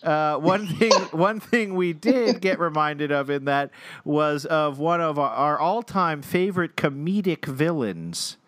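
A man's voice: fairly high pitch, measured pace, few pauses, a bit bright, dry recording. A man co-hosting a podcast, chatting casually and jokingly with frequent laughs and fillers. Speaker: podcast co-host. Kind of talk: casual comedic chat.

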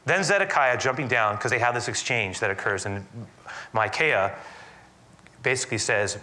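A man preaching a sermon, retelling scripture in an animated, dramatic storytelling manner. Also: mid-range voice, moderate pace.

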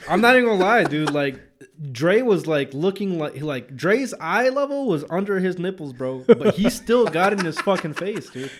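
A man in casual chat, excitable and profane, always saying "dude" and "bro". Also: high voice, normal speed, a little hiss or hum. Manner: excitable, swears freely, says "dude" and "bro" a lot.

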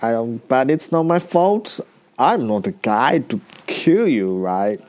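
Comedian doing a sheepish, stammering German guy; apologetic, defensive, slow. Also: medium pitch, sing-song, darkish tone.

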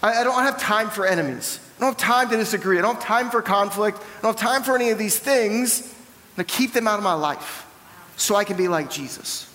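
A man's voice: high voice, brisk, sharp tone, big-room sound. A young man from the South, preaching a sermon in a church and telling candid, self-deprecating stories. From American South. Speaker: pastor. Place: church hall.

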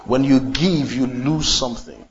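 A man's voice: medium pitch, unhurried. A man preaching a sermon, drawing answers from the congregation with repeated questions. The recording is slightly dull, with a faint hiss underneath. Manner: call-and-response preaching, asks the congregation questions.

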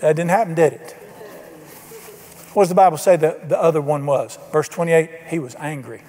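Older pastor, emphatic folksy sermon delivery, slightly high voice, church reverb. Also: male voice, moderate pace, warm tone. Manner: folksy, emphatic, asks the congregation questions. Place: church sanctuary.

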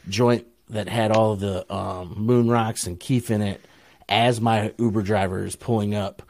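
A man's voice: on the low side, no echo. Laid-back, profane Ohio man storyteller. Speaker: podcast co-host. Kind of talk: casual chat, storytelling.

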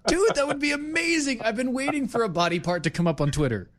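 A man's voice: very high voice, expressive, quick pace, a bit bright. A man hosting a casual chat show, playfully teasing and interrupting his co-host. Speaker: podcast host.

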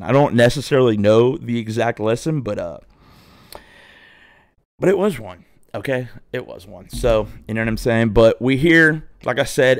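A man's voice: mid-range voice, clean tone, dry recording, studio quality. A young man telling a rambling, profane story to his viewers in a casual way. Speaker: vlogger.

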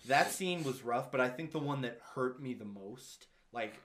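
A man's voice: mid-range voice, normal speed, reverberant. A young man chatting casually about a movie, acting out scenes in exaggerated voices. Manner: animated, acts out scenes in exaggerated quoted voices.

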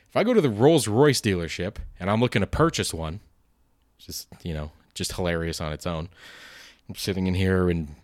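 Host type, late 20s man, lowish voice, loose profane rambling delivery, dry close sound. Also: no room sound. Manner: rambling, profane, self-deprecating. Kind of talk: casual solo monologue.

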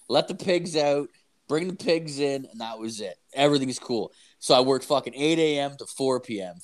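Profane, rambling young man telling stories. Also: mid-range voice. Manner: profane, rambling, animated storyteller. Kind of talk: casual storytelling chat.

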